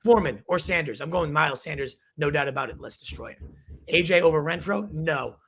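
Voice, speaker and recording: Young male host, rapid-fire calls, bright husky voice with gravelly fry, going hoarse. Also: a little high. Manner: energetic, quick verdicts. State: losing his voice. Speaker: fantasy football show host. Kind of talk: rapid-fire live advice show.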